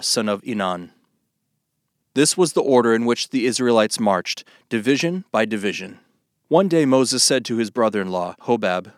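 A man reading scripture aloud in a steady, measured way. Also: medium pitch, no echo, studio quality. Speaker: Bible reader.

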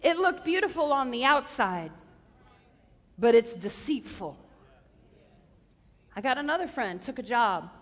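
High bright woman preaching in a hall. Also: a little slow, pauses often. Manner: lively, repeats questions for emphasis, animated storytelling. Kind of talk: sermon.

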